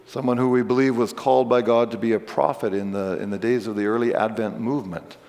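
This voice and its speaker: A man's voice: medium pitch, gravelly. A man preaching a sermon as pastor, explaining scripture in a conversational way with casual asides. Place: church sanctuary. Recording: long church reverb.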